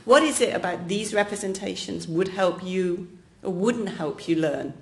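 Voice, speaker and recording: Brisk English woman giving a lecture. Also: on the low side, vocal fry. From England. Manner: lively, jokey, addresses the audience directly. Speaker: keynote lecturer. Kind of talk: academic keynote lecture. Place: lecture hall.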